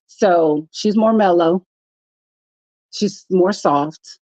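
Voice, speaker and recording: A woman's voice: on the low side, drawn-out words, a little mellow, no echo, highs cut off. A middle-aged woman co-hosting a live chat show, talking in a direct, matter-of-fact way. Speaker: co-host.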